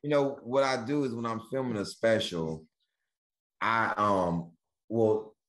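A man, a stand-up comedian chatting as a podcast guest and acting out bits with sudden jumps in pitch. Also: fairly even intonation, measured pace, a bit bright. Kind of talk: animated storytelling chat.

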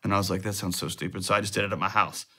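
A man guest in his forties telling animated, playful stories in an interview. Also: deep voice, very fast, husky. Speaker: guest expert. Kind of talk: storytelling in an interview.

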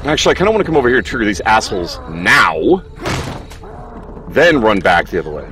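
Young male streamer, allergies and throat-clearing, very expressive pitch swings, cusses freely, faint noise floor. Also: fast talker. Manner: animated, swearing, laughing at his own play. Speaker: gaming streamer. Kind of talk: casual let's play commentary.

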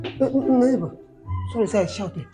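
A woman with a Nigerian accent acting a gossipy, excitable neighbor in a comedy skit, stammering, laughing through her words and mixing in pidgin. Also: a little high, normal speed, faint music behind, lightly acted. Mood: excited. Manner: stammers, laughs mid-sentence, mixes pidgin. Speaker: comic skit actor.

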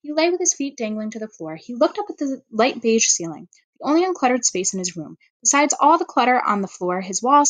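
A woman reads a children's storybook aloud with expressive, steady narration. Her voice sits a little high and is close to the microphone in a dry room. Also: no room sound. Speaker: reader.

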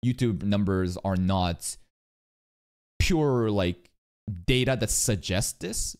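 Low-voiced man ranting over an anime clip. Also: slow pace, smooth. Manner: animated, swearing, rambling with many fillers. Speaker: reaction streamer. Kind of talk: casual reaction commentary.

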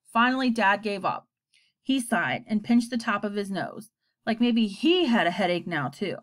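A woman reads from a children's book in an expressive, storytelling manner. Her voice is mid-range and her speed normal.

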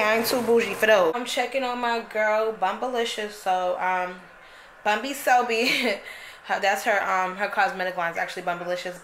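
A woman's voice: mid-range voice, fairly bright tone. A young woman chatting casually to her vlog camera, laid-back and full of slang and fillers. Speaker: vlogger. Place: home and parked car. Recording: noisy background.

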